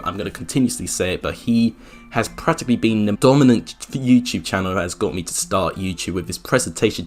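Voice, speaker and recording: A young man around twenty who chats casually while reacting to his old video and pokes fun at himself. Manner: chatty, self-mocking, jumps up in pitch when surprised. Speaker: YouTuber.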